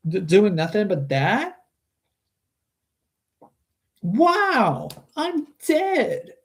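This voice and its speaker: Disbelieving young gamer guy, as a man acts him out, high rising exclamations, storybook reading. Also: slow, darkish tone. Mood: incredulous.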